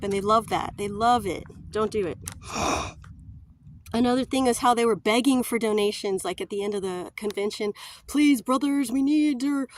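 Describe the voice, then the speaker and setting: A chatty woman, telling stories in a casual vlog and laughing often. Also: medium pitch. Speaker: vlogger.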